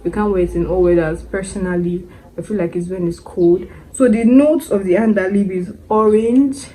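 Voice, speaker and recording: A young Nigerian woman talking casually to camera in an expressive way, repeating words for emphasis and laughing often. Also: mid-range voice, normal speed, a little hiss or hum, poor audio. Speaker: beauty vlogger.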